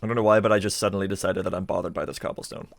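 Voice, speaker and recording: A man's voice: deep voice, steady tone, rapid-fire. A man streaming a game live, thinking aloud in a chatty way with plenty of fillers. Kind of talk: casual live gameplay commentary.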